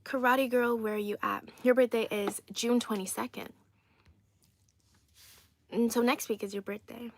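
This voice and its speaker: Chatty woman, high voice, unhurried. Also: fairly even intonation. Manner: chatty and giggly, reads comments aloud. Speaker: streamer reading live chat. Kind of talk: casual livestream chat.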